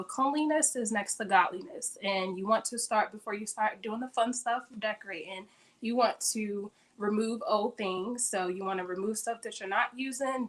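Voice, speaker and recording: A woman's voice: medium pitch, a bit bright. A woman talking as an interior decorator, giving casual home decorating tips in a chatty, upbeat way straight to her audience. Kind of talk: casual how-to talk. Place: her bedroom.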